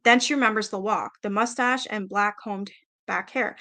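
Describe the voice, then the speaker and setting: A woman's voice: medium pitch, level tone, normal speed, bright, forceful tone. A woman reading a book aloud in a casual way, stumbling over words and stopping to react and swear.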